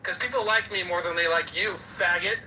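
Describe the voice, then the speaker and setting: Man, aggressive profane taunting, voice-chat argument, high bright tone, distant mic, faint background noise. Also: brisk. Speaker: voice chat room participant. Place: online voice chat app.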